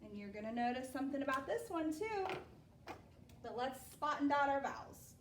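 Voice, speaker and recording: A woman teaching children a phonics lesson, patient and steady, checking in often with "okay?". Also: high voice, moderate pace, echoey room, distant mic, noisy background.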